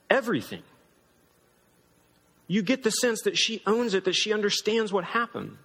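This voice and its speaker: A man's voice: sits high, sing-song, moderate pace, long pauses, fairly bright tone, breathy edge. A man pastor preaching a sermon in a conversational, emphatic way. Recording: long hall reverb.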